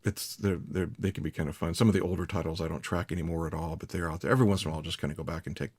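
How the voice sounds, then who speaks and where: Male host, very low voice, quick rambling delivery, dry sound. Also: fairly even intonation, a little mellow, husky, dry recording. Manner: chatty, rambling, many restarts and fillers. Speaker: audiobook narrator, podcast host. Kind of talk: casual conversation.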